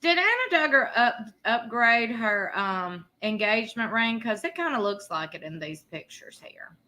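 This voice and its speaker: A woman's voice: a little high, expressive, moderate pace, sharp tone. A woman, hosting a live stream and talking bluntly and sassily, laughing often. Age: 30s. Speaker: livestream host. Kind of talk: casual live commentary.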